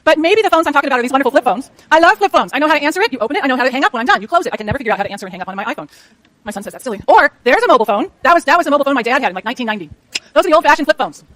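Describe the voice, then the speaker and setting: A woman's voice: high voice, fairly bright tone, no room sound. A middle-aged woman lecturing a university economics class in a chatty way, asking the students questions as she goes.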